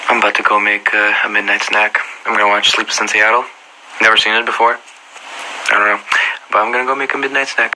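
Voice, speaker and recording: A man's voice: fairly low pitch, level tone, fast. A man vlogging casually to his viewers in a playful, rambling, affectionate way, joking and restarting his sentences often. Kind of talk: casual vlog talking to viewers. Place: outdoors at night, then at a car wash. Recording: loud background noise.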